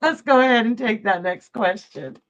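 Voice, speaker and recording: A woman's voice: fairly high pitch, lively intonation, normal speed. A middle-aged woman giving psychic readings on a live stream, chatty and jokey, laughing often. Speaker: psychic reader. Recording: dull lo-fi stream audio.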